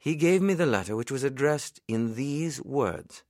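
A man reading an audiobook as narrator, in a steady, unhurried storytelling manner. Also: mid-range voice, no echo, studio quality. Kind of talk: scripted narration.

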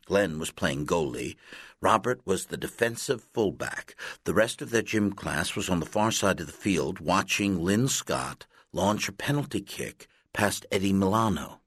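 A man narrates a children's audiobook in a deliberate, expressive storytelling style, recorded close on a studio mic. His voice sits low with a breathy edge, and the recording is dry.

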